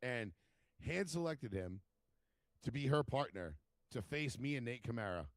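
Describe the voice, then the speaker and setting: A man casually telling profane, animated stories as a podcast co-host and acting out other people's lines. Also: medium pitch, normal speed, dry recording. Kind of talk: casual chat, storytelling.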